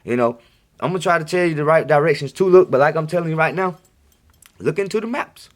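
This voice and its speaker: A man's voice: a little high, expressive, fast. A man giving a casual, rambling monologue to his viewers in a home recording, insistent and repeating himself. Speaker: video blogger.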